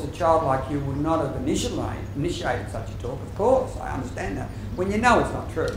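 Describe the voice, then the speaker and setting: A man teaching behaviour management to teachers, acting out classroom dialogues in a lively way. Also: on the high side, background noise. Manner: lively, demonstrative, acts out dialogues. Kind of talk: teacher training workshop.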